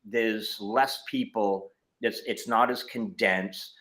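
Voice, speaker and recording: A man's voice: fairly low pitch, fairly even intonation, slow, a bit bright. A middle-aged man, a martial arts instructor, telling his story in a casual interview over a video call, with many fillers and restarts.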